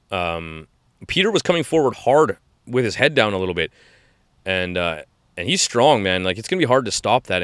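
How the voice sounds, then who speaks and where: A man's voice: on the low side, a bit bright, clean tone, dry recording, clean studio sound. A man in his forties hosting a podcast, recapping fights in a rambling, enthusiastic way full of restarts. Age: 40s. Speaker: podcast host. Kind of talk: casual fight-recap chat.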